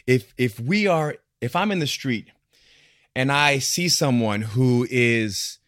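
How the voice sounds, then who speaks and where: A man in casual podcast conversation, talking in an animated way and acting out the voices he quotes. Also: medium pitch, slow, dry recording, clean studio sound.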